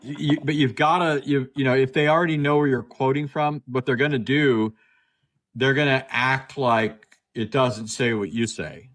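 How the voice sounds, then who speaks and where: This guest speaker, a man on a phone video call, chats his way through a story in a live discussion, repeating himself often and performing the other speaker's dialogue. He has a mid-range, fairly bright voice and talks at a moderate pace.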